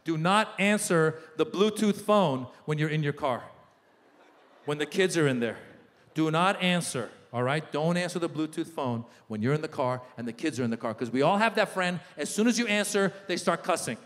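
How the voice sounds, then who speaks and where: A middle-aged man doing an animated stand-up comedy set, acting out the voices of people in his stories. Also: fairly high pitch, normal speed. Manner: animated storytelling, acts out voices of others. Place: large theater stage. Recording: live hall reverb with audience ambience.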